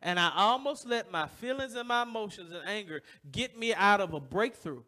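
Bright high-voiced preacher man. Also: animated, moderate pace. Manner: storytelling, rhetorical questions to the congregation; acts out voices in stories, loud bursts. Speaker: pastor. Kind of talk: sermon. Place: church.

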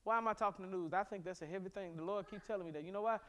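A man, a pastor from America, preaching a sermon in a church, animated and humorous, with sudden bursts of emphasis. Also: high voice, very fast. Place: church sanctuary.

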